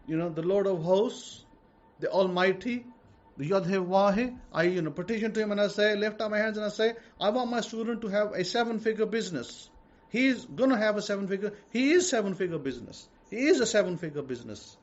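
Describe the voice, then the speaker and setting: A man's voice: high-pitched, lively intonation, a little fast, muffled recording. A man teaching as a rabbi in an emphatic sermon, hammering home his points by repeating them. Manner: emphatic, repeats key statements.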